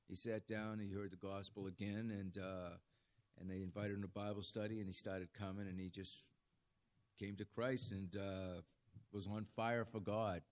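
A man's voice: fairly low pitch, level tone, moderate pace. A man who has ministered in a jail for decades, preaching a casual, folksy sermon full of stories and calls for "amen.". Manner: folksy storytelling, calls for amens. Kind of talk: conversational sermon.

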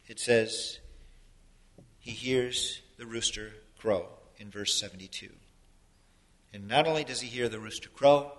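A man preaching a sermon in an earnest, explanatory way, his loudness rising and falling for emphasis. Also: medium pitch. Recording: long hall reverb.

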